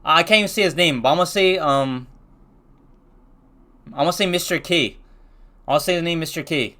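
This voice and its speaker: A man's voice: on the high side, normal speed, pushed and bright. A young man casually telling a rambling storytime, full of slang and restarts.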